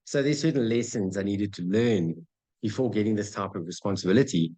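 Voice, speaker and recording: A man's voice: fairly low pitch, fairly quick, husky, low-quality recording. A man giving a motivational talk on goal setting, addressing his audience directly and acting out little scenes. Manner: energetic, acts out dialogue, addresses audience as guys. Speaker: motivational speaker.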